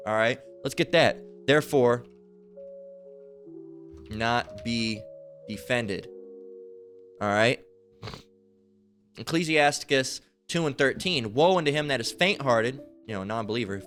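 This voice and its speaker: A man with a medium-pitched, fairly bright voice preaches a fiery, profane sermon in a street-style manner. He reads scripture aloud and keeps breaking off with "all right?" asides.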